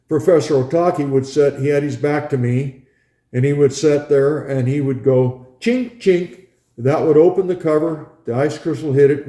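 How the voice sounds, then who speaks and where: An older man, once a pilot, reminisces in a relaxed, chatty way, chuckling often and acting out the scenes as he goes. His voice is dark and mellow, at a middling pitch for a man. The sound is roomy, with a clear echo around him. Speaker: former pilot recounting a research flight. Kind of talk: casual reminiscing storytelling.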